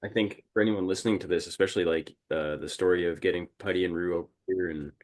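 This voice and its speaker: A man's voice: deep voice, fairly even intonation, fast talker. A man, a band musician, answering podcast questions in a laid-back, modest way. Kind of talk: casual interview chat.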